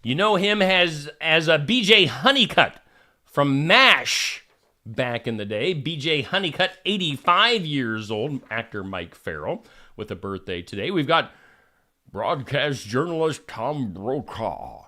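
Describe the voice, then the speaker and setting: Male live-stream host, chatty and animated, good-humored banter. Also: mid-range voice, takes it slowly. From Iowa. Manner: chatty, jokey, reads out viewer names. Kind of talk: casual live-stream chat.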